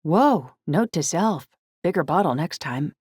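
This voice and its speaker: A woman's voice: low voice, animated, a little slow, a little mellow, breathy edge, no room sound, clean studio sound, full character voice. A woman voicing a cheerful seventeen-year-old girl who talks in an eager, playful way.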